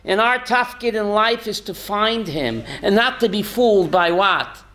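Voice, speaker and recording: A man's voice: high-pitched, measured pace, sharp tone. A man, a rabbi, teaching a Torah class in a folksy, joking way and quizzing his listeners by name. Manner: folksy, jokey asides.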